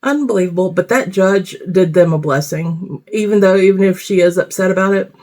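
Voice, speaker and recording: A woman's voice: mid-range voice, brisk, dark tone. Blunt, swearing woman reacting to TV. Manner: blunt, swears freely, rambling asides. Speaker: reality TV commentator. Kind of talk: casual reaction commentary.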